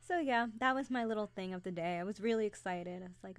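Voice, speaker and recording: A young adult woman hosting a casual live stream, chatty and excitable, greeting viewers by name as she talks. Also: mid-range voice, fast.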